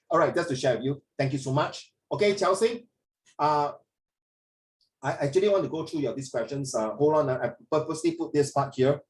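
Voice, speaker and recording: A man's voice: a little high, a little mellow, roomy sound, far from the mic. A male teacher with a Singaporean accent, chatting through an online class in Singlish and bits of Mandarin.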